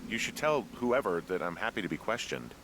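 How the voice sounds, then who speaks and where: An actor voicing a weary, low-key man working as a fire lookout in a video game, with dry, understated replies. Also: big pitch swings, brisk, crowd noise, poor audio.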